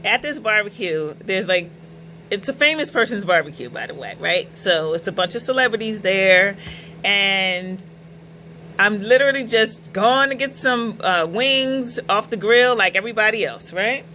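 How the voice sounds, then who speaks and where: A middle-aged woman telling personal stories in a casual, animated vlog, often laughing as she goes. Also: medium pitch, normal speed, slight background noise, rough recording. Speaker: vlogger.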